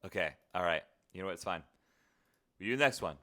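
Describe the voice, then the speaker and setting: A fast-talking man with a low, expressive, sharp-toned voice chats casually on a live stream, muttering to himself as he tinkers with settings. He jokes at his own expense and repeats filler words in long strings, and there's slight hiss or hum.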